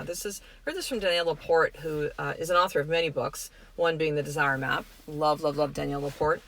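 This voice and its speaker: A middle-aged woman hosting a podcast, giving a gentle, earnest, reflective spiritual self-help talk. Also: on the low side, steady tone, fast talker, few pauses. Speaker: podcast host.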